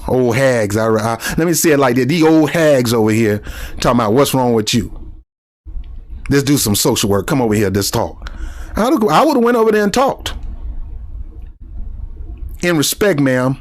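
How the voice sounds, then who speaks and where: A man hosting a political commentary, fervent and preachy, often restarting and repeating himself. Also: medium pitch. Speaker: commentary host.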